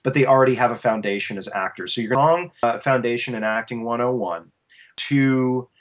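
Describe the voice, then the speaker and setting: As an interview guest, a voice actor and coach offers advice in a medium-pitched voice at a slightly fast pace. His delivery is animated and explanatory, with frequent sentence restarts.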